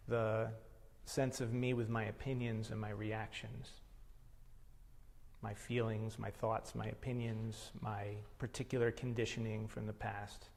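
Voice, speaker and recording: A man teaching a meditation lesson, explaining slowly and reflectively. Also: medium pitch, a little mellow. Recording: long hall reverb.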